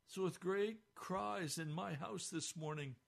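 An older man preaches a sermon, slow and deliberate, his voice sitting a little high for a man. He swings between hushed appeals and loud, impassioned cries. His voice sounds almost hoarse. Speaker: pastor.

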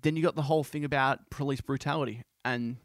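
A man hosting a podcast, speaking in an impassioned, halting way with many restarts. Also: medium pitch, steady tone, dry recording, studio quality. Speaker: podcast host. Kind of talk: casual monologue.

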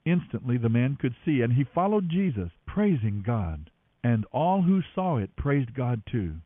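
A man reading scripture aloud in an expressive, dramatic way, giving each speaker a voice. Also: medium pitch, unhurried. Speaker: Bible reader. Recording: dry, tinny phone-like sound.

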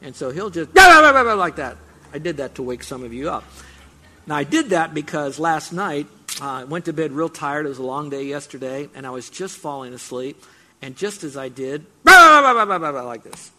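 A man's voice: fairly high pitch, moderate pace. A middle-aged man preaching a sermon, explaining scripture with emphatic, repeated build-ups. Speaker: pastor.

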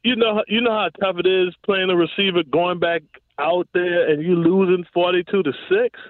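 A man's voice: high voice, fairly even intonation, moderate pace, no echo. A man, a former pro football receiver, telling stories in a casual interview, laughing often and leaning on "you know what I'm saying". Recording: dry, tinny phone-like line.

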